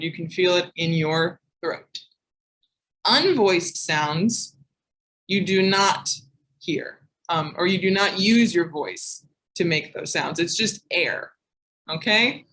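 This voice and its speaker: Woman, pronunciation teacher, very slow careful delivery, lowish voice, repeats words, online class. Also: a bit bright, rough recording. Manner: slow, deliberate, repeats each word twice.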